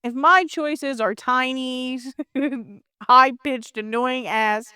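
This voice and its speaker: Woman, casual chat, playful, exasperated, smooth clear voice, dry close recording. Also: sits high, extremely slow, bright, forceful tone, dry recording. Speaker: co-host, player's wife.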